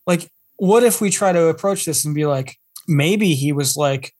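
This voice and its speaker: A man in a casual podcast chat who talks quickly and at length, spinning out ideas as he goes. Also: on the high side, a little mellow. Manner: quick, talkative, speculative.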